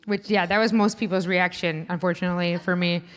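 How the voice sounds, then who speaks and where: A woman from Indiana performing a stand-up comedy set, chatty and self-deprecating, building to loud punchlines. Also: lowish voice, steady tone, a little fast, in a large hall. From Indiana, USA. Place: comedy club stage. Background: live audience.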